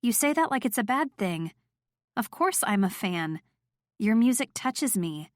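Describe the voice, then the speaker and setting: Woman reading a romance novel aloud, steady, mid voice, super dry close mic. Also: mid-range voice, unhurried, no room sound. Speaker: audiobook narrator. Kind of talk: first-person romance narration.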